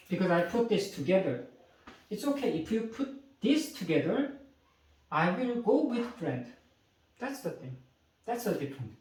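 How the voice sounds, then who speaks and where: A man's voice: high voice, very animated, normal speed, pauses often, recorded from a distance. A man with a Korean accent, a native Korean speaker teaching a grammar lesson in English, explaining step by step and often checking with "okay?" and "right?". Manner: switches between English and Korean example phrases. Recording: echoey room, voice away from mic.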